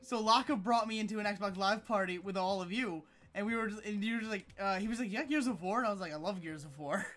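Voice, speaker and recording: Bright-voiced friend chiming in. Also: mid-range voice, quick pace, hardly any pauses. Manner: laughing, chiming in on the stories. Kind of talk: casual chat.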